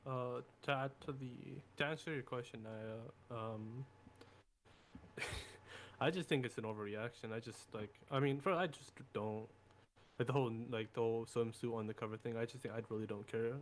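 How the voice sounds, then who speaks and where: Hesitant rambling man, faint hiss. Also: medium pitch. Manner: hesitant, rambling, trails off quietly. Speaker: podcast co-host. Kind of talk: casual group discussion.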